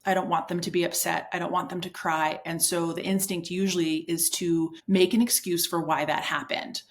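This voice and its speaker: A woman sport psychologist answering interview questions in an earnest, explanatory way, acting out parents and kids in quick asides. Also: on the low side, flat delivery.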